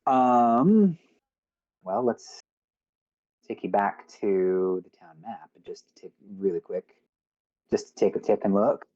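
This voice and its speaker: A man running a tabletop game as game master, slow and hesitant with many fillers. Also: fairly low pitch, big pitch swings, mellow, highs cut off.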